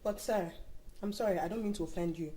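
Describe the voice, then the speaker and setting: An actress playing a worried wife who pleads and keeps asking "Eh?". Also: female voice, medium pitch, fast, warm tone, a little hiss or hum, lightly acted. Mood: indignant. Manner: pleading, repeats "Eh?". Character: distressed faithful young wife. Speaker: accused wife. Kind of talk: Nollywood film acting.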